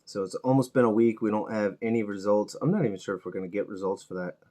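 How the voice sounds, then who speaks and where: While painting miniatures, a middle-aged man who hosts a channel on the hobby talks in a loose, rambling way. His voice is a little low and mellow, and he is laid-back and unhurried, swearing freely and poking fun at himself.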